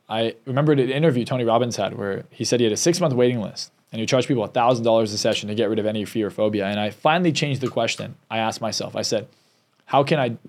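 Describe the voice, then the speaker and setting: A man guesting on a podcast as a success coach, telling his own story in a candid, emotional way. He talks quickly, and his pitch sits in a middle range. He often doubles back and restarts his sentences. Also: a little mellow. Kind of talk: personal storytelling in a podcast interview.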